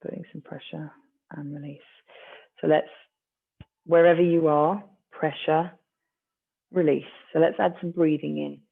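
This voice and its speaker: A stretching instructor leads a class in a gentle, encouraging way, with a gravelly edge to the voice. The recording sounds thin and tinny, like a phone line. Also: medium pitch, steady tone, measured pace, long pauses. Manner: gentle, encouraging, with light self-mocking asides.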